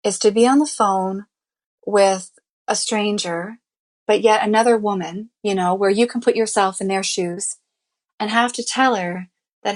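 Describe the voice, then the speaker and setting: A woman's voice: medium pitch, fairly even intonation, a little slow. A woman guest on an interview show, telling her own life story candidly and earnestly, full of "you know" and "I mean" fillers. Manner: emotional, reliving events as she tells them. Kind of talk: personal storytelling in a conversational interview.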